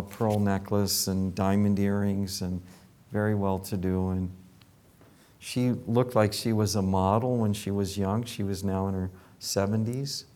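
An older man, a dentist, telling casual anecdotes about his patients and acting out what people said. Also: fairly low pitch. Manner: animated anecdotes with acted quotes. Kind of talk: casual storytelling.

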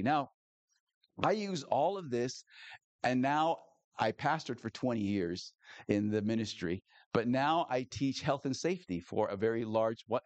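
Male pastor, lively and animated delivery, dry close sound. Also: medium pitch, no echo. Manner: animated, repeats key phrases, asks the audience "okay?". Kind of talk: sermon.

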